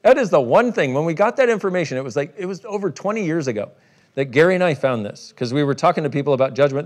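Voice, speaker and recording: Talking fast in a slightly high, expressive voice, a workshop facilitator leads a live session for an audience. He's playful and irreverent, cracking jokes, swearing and laughing along the way.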